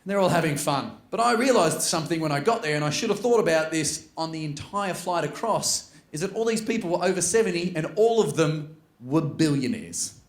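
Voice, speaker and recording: A man with an Australian accent doing stand-up, telling a story in an animated way with bursts of loud put-on voices. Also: on the high side, brisk. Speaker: stand-up comedian. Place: comedy stage. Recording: roomy venue with faint noise.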